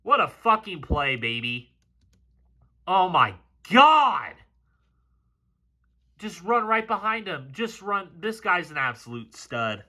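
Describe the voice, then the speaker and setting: A man doing a football film breakdown, talking excitably and swearing freely as he gets fired up over the plays. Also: high-pitched, slow pace, pauses often.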